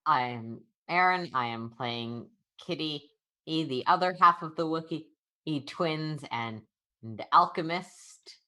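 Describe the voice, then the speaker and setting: A man introducing his character in a tabletop game, halting as he speaks. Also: on the high side, bright, forceful tone. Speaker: player. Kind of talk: casual tabletop game chat.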